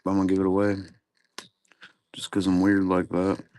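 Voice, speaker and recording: Completely flat in delivery, the man's low-pitched voice is a little mellow and moves at a moderate pace. He's hosting a live card-break stream, chatting and rambling casually with some swearing.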